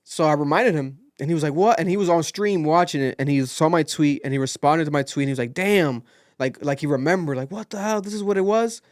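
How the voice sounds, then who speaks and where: A young man hosting a casual podcast, telling a story with lively acted-out quotes. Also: on the high side, quick pace, no room sound, clean studio sound. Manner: animated storytelling, acts out quotes. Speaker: podcast host.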